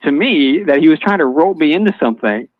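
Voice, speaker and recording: A man telling a personal story as a guest in casual chat, halting, with many fillers and restarts. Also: fairly high pitch, animated, dry recording. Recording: dull lo-fi online audio stream.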